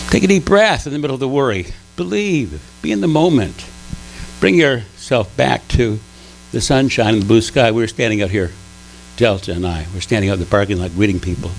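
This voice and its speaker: A man giving a conversational sermon at a spiritual center, telling stories with lively pitch swings and frequent restarts. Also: slight background noise, low-quality recording. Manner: animated storytelling, frequent restarts.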